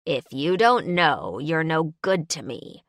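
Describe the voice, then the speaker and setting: Woman doing a cold bird alien soldier guy, slow clipped demands, lowish, dry close read. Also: sing-song, no echo, exaggerated voice. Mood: menacing.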